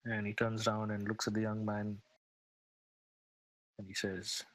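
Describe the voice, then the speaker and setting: Flat-voiced tabletop player. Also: male voice, fairly low pitch, unhurried, long pauses, poor audio. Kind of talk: describing his character's actions in a tabletop game.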